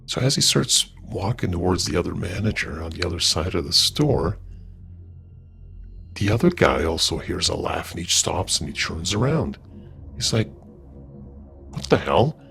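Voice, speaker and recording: A man with a notably low, deep voice tells an eerie story in a relaxed, conversational way, stumbling now and then and filling pauses with "you know." Soft music plays quietly underneath him. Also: gravelly. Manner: loose and conversational, with fillers and restarts. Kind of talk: casual paranormal story narration.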